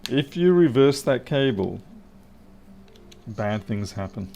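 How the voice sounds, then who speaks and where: Here the livestream repair host talks at a slow pace in a warm, medium-pitched voice with lively intonation and some vocal fry. He keeps up casual, wry chatter as he fixes a device, replying to comments from his viewers.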